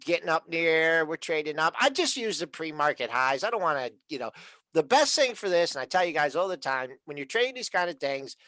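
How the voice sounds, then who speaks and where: Slightly high-voiced guy explaining chart tricks casually, dry sound. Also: brisk, dry recording. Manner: relaxed, explains step by step with fillers. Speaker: co-host and trading chart guy. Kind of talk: casual market chat, trading tips.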